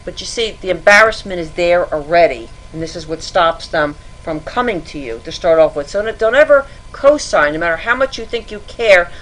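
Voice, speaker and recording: A woman's voice: lowish voice, expressive, a little fast, hardly any pauses, a bit bright, rough recording. A middle-aged woman talks through credit troubles on a podcast as a guest. Her delivery is earnest and cautionary, with warnings driven home and examples spelled out step by step. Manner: earnest, cautionary advice-giving. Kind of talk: podcast interview.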